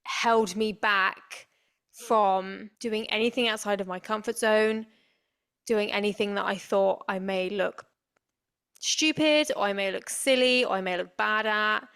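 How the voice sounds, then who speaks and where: A woman co-hosts a podcast in relaxed conversation. Her voice has a strong gravelly fry, and she speaks candidly, reflecting on herself with a self-deprecating touch. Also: mid-range voice, measured pace. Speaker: podcast co-host. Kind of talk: casual chat.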